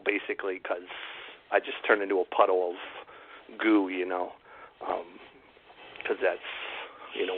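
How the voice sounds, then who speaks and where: A man hosting an online radio show, chatting casually and rambling with many fillers. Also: low-pitched. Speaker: radio host. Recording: tinny phone-like audio.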